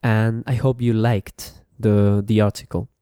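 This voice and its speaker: A man teaching English to beginners at a very unhurried pace, repeating each word and pausing to check with okay. His voice is mellow and dark, and the recording sounds dry and close. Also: on the low side, flat delivery, clear, resonant tone, no echo. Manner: repeats each word, adds quick translations, often asks okay. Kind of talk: slow bilingual beginner lesson.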